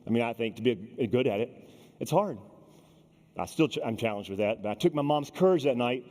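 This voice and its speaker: Speaking a little fast in a mid-range voice, this keynote speaker tells stories to a conference crowd, addressing them directly and playing the characters he quotes with lively animation. The large conference hall leaves a long reverb on his voice.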